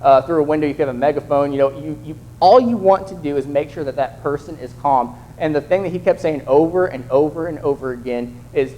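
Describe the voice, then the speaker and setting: A man's voice: fairly high pitch, fairly quick, hardly any pauses, dark tone, slight background noise, poor audio. A young man preaching a sermon in a conversational way, acting out the voices of the people in his examples. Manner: conversational, acts out quoted voices.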